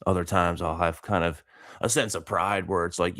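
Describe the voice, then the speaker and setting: A man's voice: low voice, a little fast, a bit bright, no room sound, clean studio sound. A man in his thirties talking casually and motivationally, rambling with slang and frequent laughs. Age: 30s. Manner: rambling, laid-back, laughs often, dude slang. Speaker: vlogger and coach.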